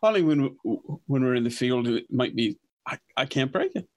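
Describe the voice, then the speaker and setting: A man's voice: mid-range voice, big pitch swings, moderate pace, darkish tone. Hesitant man playing a tabletop game. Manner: hesitant, full of ums, narrates his own moves. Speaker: player. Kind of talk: tabletop role-play, describing his character's actions.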